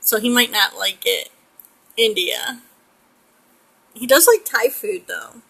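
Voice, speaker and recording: Woman, middle-aged, chatty and rambling, bright voice, slightly high. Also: takes it slowly, vocal fry, low-quality recording. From United States. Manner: chatty, rambling, laughs often. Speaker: pet portrait artist. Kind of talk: casual chat while painting.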